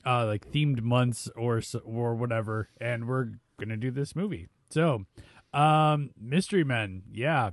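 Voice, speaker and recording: A man hosting a casual movie chat podcast, jokey and quick to laugh, reading out a film summary in a drawn-out way. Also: mid-range voice, no echo, studio quality. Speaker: podcast host. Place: small studio. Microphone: new studio microphone.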